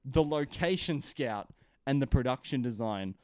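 A man's voice: medium pitch, animated, moderate pace, a little mellow, no echo, clean studio sound. Enthusiastic, rambling man reviewing a film. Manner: rambling, enthusiastic, full of "like" fillers and swearing. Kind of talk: casual film review chat.

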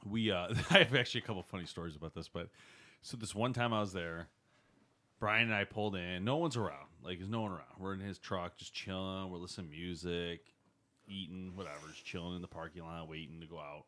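A man co-hosting a podcast, telling stories in a casual chat with a laughing, lively delivery. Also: quick pace. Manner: lively, laughing storyteller with wide pitch swings. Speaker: podcast co-host.

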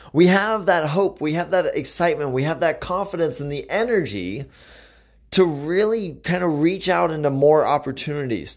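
Husky, upbeat podcast health coach. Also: medium pitch, a little mellow. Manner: enthusiastic, upbeat, conversational. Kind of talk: motivational podcast monologue.

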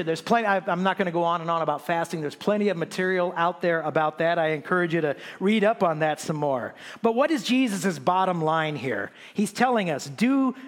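High-voiced pastor preaching in a reverberant hall. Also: male voice. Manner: animated preaching with frequent restarts and rhetorical questions. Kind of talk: sermon.

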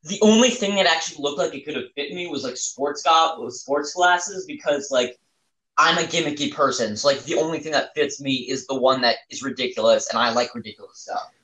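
Quirky, gimmicky young guy, played by a man, excitable rambler, slightly high voice. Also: brisk, reverberant, low-quality recording. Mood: rambling. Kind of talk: improvised comedy podcast.

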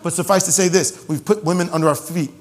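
Pastor guy preaching, kinda high voice, big hall echo, repeats stuff and cracks jokes. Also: quick pace. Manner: animated, repeats phrases for emphasis, jokes with congregation. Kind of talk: sermon. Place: church sanctuary. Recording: long hall reverb.

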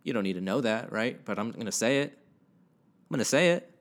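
A man's voice: medium pitch, lively intonation, a little fast. A young man hosting a casual solo podcast from his house, rambling and joking at himself with casual swearing into a home microwave-close podcast mic. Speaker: podcast host. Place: house alone with his dog. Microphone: home podcast mic, gain turned up.

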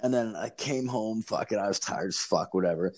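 Rambling, profane man with a low voice. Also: a little fast, darkish tone. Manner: rambling, profane, heavy on filler words. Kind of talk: casual storytelling chat.

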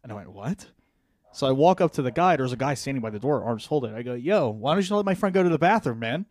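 A man's voice: mid-range voice, animated, fast, a little mellow, no echo. Profane storytelling man, bone-dry sound. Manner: profane, rambling, laughs through his own story. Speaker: podcast co-host. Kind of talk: casual storytelling chat.

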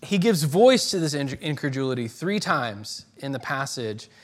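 A man's voice: medium pitch, very animated, moderate pace. A man preaching a sermon in a conversational way, restarting phrases and reading quoted lines with dramatic force.

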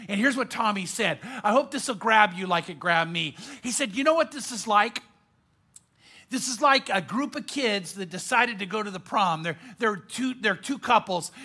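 A man preaching a sermon as pastor, emphatic, with repeated phrases and dramatic pauses. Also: sits high, pushed and bright.

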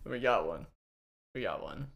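Lively, laughing podcast guy. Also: low-pitched, unhurried, vocal fry. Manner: laughing often, swearing, rambling. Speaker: podcast co-host. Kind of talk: casual podcast chat.

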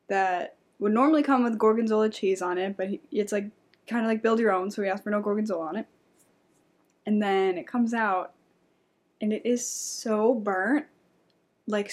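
A young woman co-hosting a casual podcast chat, telling stories and laughing as she goes. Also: medium pitch. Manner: chatty, laughs while recounting stories. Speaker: podcast co-host.

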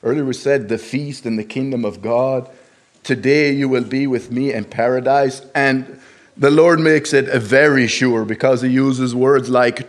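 A man's voice: mid-range voice, fairly even intonation. Earnest plain-spoken man preaching. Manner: earnest, halting, plain-spoken, with restarts and rising emphasis on quoted Scripture. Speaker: lay preacher. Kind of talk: sermon. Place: church service.

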